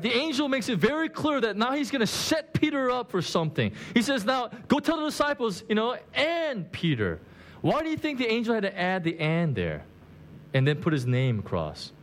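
A man's voice: mid-range voice, a little hiss or hum. A man preaching a sermon in a conversational way, acting out the quoted lines with big swings in his voice. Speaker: pastor.

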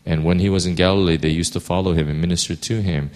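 A man with a very low, deep voice reads scripture aloud at a steady pace. When he moves on to preaching, he talks loosely, with fillers and restarts as he works his thoughts out. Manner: steady reading, then halting with many fillers. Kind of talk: scripture reading then sermon.

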